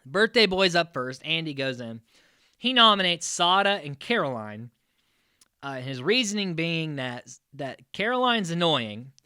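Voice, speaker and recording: A fairly high-pitched American man hosts a podcast, casually recapping a reality show with a clean tone in echo-free studio sound. He animatedly acts out quotes from the cast, swears without hesitation and uses frequent fillers.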